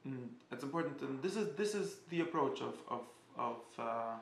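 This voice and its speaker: A man giving a casual spoken class, halting and often restarting as he searches for words. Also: medium pitch, animated, creaky, roomy sound, slight background noise. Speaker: teacher.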